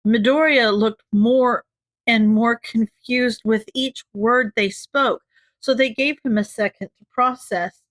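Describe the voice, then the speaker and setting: Woman, audiobook narrator, slow, measured, gentle, dry close mic. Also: on the high side, steady tone, no echo. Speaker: audiobook reader. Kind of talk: fan fiction audiobook narration.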